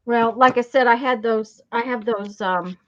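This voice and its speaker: Woman chatting away on a craft stream, kinda high voice, rambly with lots of ums, dull lo-fi sound. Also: normal speed, fairly bright tone. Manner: rambling storytelling with many fillers and restarts. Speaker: craft channel host. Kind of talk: casual live-stream chat while crafting.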